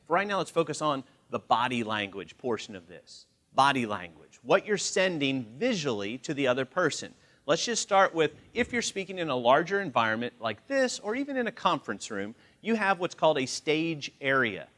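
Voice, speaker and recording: A man's voice: a little high, moderate pace, hardly any pauses. A man in his forties leading a live communication training seminar, acting out quoted voices as he talks. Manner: animated, acts out quoted voices. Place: large training room.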